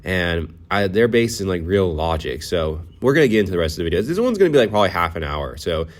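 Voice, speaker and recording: A man's voice: low voice, very animated, quick pace. A man hosting his own faceless commentary channel, talking casually with lots of fillers and "right?" checks. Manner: casual, filler-heavy, keeps asking "right?". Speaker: faceless YouTuber host.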